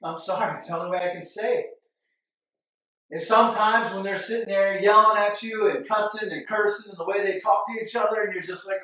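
A man preaching a sermon as a pastor, animated, with his delivery swinging from loud to hushed. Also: high voice, brisk, recorded from a distance. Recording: echoey church hall from off-mic.

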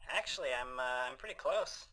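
A man's voice: medium pitch, animated, fairly quick, lightly acted. A man voicing a laid-back male pilot who chats hesitantly about being on a mission, heard in game audio. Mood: casual. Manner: easygoing, hesitant phone chat. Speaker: game character. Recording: distant, noisy game audio.

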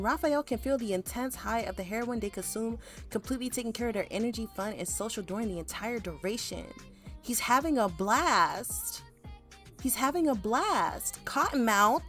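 A woman giving casual, animated gameplay commentary, full of slang and sudden shrieks of mock alarm. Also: on the high side. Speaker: gaming YouTuber.

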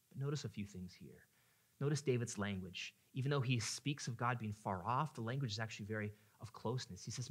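Casting: male pastor, earnest sermon delivery, mid-range voice, shifts between hushed reflection and impassioned pleading. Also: medium pitch, a little fast, husky.

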